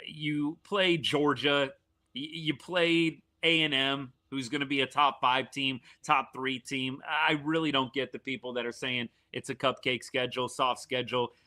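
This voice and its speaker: A man hosting a live reaction stream for a college football game, talking casually and animatedly, with frequent restarts. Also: mid-range voice. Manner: animated, fan-partisan commentary with frequent restarts.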